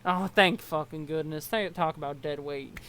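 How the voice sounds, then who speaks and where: Woman putting on a pushy troll girl, fake Southern accent, wheedling, bouncy pitch. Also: moderate pace, fairly bright tone, slight background noise, poor audio. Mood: gushing. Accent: put-on Southern US. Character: scheming teen troll girl, pushy and chatty.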